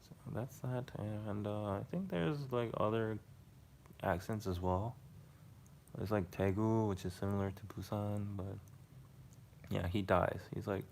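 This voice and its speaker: A man's voice: lowish voice, a little slow, vocal fry, a little mellow, slight background noise. A young man chatting casually on a late-night livestream, rambling and full of fillers as he tells a story. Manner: loose, rambling, filler-heavy storytelling with laughs. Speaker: livestream host.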